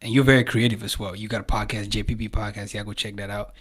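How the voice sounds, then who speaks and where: A young man from Cameroon hosting a casual podcast interview, relaxed and encouraging, with frequent affirmations. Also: lowish voice, quick pace. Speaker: podcast host.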